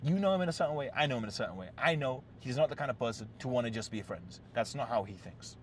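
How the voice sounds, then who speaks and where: A man's voice: mid-range voice, lively intonation, fast, slight background noise. A man hosting a relationship-advice talk, telling a story in a blunt, profane, casual way and often checking in with "yes?" and "right?".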